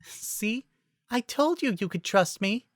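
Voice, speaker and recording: Fluttershy, a narrator doing a sweet soft druid. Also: medium pitch, expressive, takes it slowly, dry recording, clean studio sound, voice pushed up. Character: timid gentle young woman druid.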